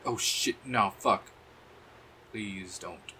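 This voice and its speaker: A man's voice: on the low side, drawn-out words, background noise. A man streaming a video game, chatting casually as he plays, thinking aloud and swearing freely. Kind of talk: casual gameplay commentary.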